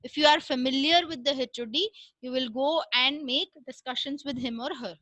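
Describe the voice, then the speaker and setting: Woman lecturer, high voice, explains patiently with filler pauses. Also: bright, forceful tone, no echo, low-quality recording. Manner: explains step by step with frequent "uh" pauses and "right?" checks. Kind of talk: recorded classroom lecture.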